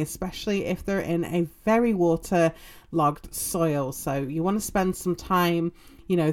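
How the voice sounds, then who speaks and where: A woman hosting a gardening podcast, explaining in a relaxed way with many ums and you-knows. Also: sits low. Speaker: podcast host. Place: home in a short-season area.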